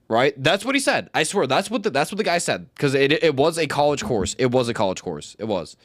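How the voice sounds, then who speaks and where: A man's voice: mid-range voice, very animated, a little fast, hardly any pauses, no echo, clean studio sound. A young man streaming live, telling rambling, slangy stories and swearing often. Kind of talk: casual storytelling on a livestream.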